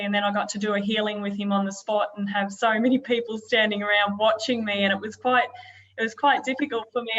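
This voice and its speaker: A woman's voice: medium pitch, a bit bright. A woman guest telling of her healing work, hesitant and full of fillers, on a dull phone-call line. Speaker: guest healer. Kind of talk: casual storytelling.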